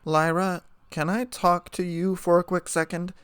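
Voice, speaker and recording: Guarded, doubtful pony mare for a fan story reading, a male reader doing her a little higher. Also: flat delivery, unhurried, a bit bright, clean tone, no echo, studio quality. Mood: wary. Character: wary, cautious young female earth pony.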